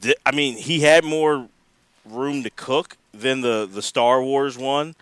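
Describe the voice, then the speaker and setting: Male podcast co-host, mid-pitched, dry close sound, lively, laughs a lot. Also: takes it slowly, smooth, dry recording. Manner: animated, acts out quotes, laughs often. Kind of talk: casual chat.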